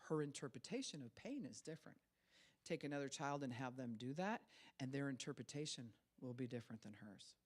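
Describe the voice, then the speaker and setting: A woman's voice: very deep voice, lively intonation, fairly quick, darkish tone. A middle-aged woman pastor giving a conversational sermon, acting out quoted voices and laughing now and then.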